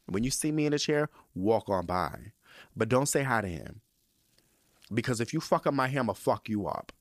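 A man's voice: mid-range voice, lively intonation, moderate pace, dry recording. Profane ranting man, dry close sound. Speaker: podcast host. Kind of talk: casual storytelling monologue.

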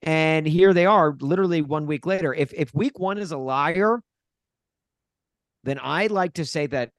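A man co-hosting a sports podcast, telling stories in a rambling, exasperated, animated way. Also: on the high side, moderate pace, no echo. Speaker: podcast co-host. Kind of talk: casual sports podcast chat.

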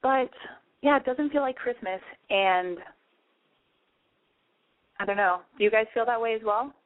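Speaking at a measured pace in a voice on the high side, this woman hosts a casual talk show as a chatty, rambling confessional monologue. She is frank and profane and asks listeners questions; the audio is dry and tinny, like a phone line.

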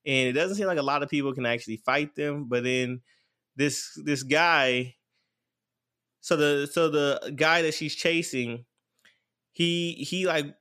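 A man's voice: a little high, measured pace, pushed and bright. A man casually recapping an anime plot in a rambling way, full of fillers and repeated "blah, blah, blah.". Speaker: anime reviewer.

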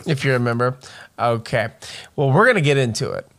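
A man's voice: medium pitch, lively intonation, brisk, fairly bright tone. A man co-hosting a casual comedy podcast, joking, swearing and laughing often. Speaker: podcast co-host.

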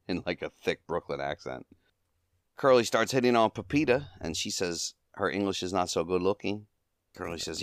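A man's voice: sits low, brisk, smooth, dry recording, clean studio sound. A man hosting a podcast, casually recapping and reviewing an old comedy short, chuckling often as he retells the gags. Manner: chuckling often, acting out quoted lines.

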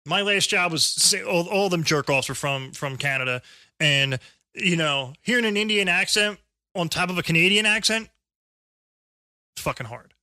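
A man's voice: high voice, animated, normal speed, bright, forceful tone, dry recording, clean studio sound. A man from New Jersey co-hosting a podcast, rambling and swearing, often repeating words as he talks. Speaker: podcast co-host. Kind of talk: casual chat.

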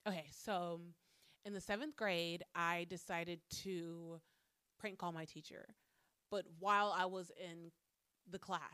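A woman telling a personal story straight to her viewers in a casual, animated way, swearing freely and breaking into loud exclamations. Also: lowish voice, clean tone, no room sound, studio quality. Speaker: vlogger.

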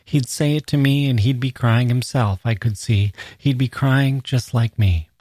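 A man's voice: mid-range voice, a little slow, darkish tone, dry recording, clean studio sound, close to an everyday voice. A man reading aloud as a grieving peasant mother, in a plain, slightly raised delivery. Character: grieving peasant mother, middle-aged woman.

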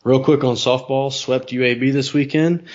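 A man co-hosts a sports podcast in a relaxed, easygoing tone. He reels off scores and schedules at a middle pitch. The sound is a little dull and lo-fi. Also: normal speed. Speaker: podcast co-host. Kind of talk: casual sports podcast chat.

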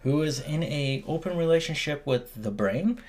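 A man's voice: on the high side, lively intonation, moderate pace, a little mellow. A man co-hosting a podcast in casual chat, making dry, wry remarks. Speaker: podcast co-host.

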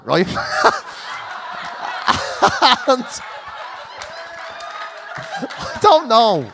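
A woman's voice: medium pitch, very animated, slow, fairly bright tone. An Irish woman co-hosting a podcast, telling a comic story full of swearing and laughing through her lines. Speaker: podcast co-host.

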